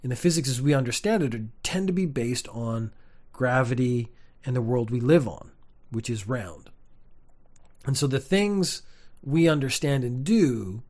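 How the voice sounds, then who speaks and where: A young man, rambling through a casual comedic monologue with wry, deadpan asides. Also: mid-range voice. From Canada.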